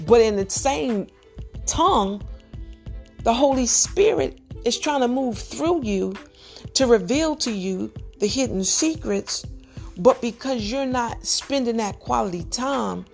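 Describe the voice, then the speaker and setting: A woman's voice: medium pitch, gravelly. A woman preaching a sermon on a podcast, firing off rhetorical questions and building to emphatic, urgent peaks. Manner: exhorting with rapid rhetorical questions.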